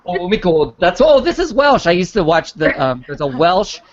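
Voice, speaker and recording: A man's voice: sits high, very animated, moderate pace, highs cut off. A man on a book club panel, chatting playfully and joking. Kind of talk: casual chat.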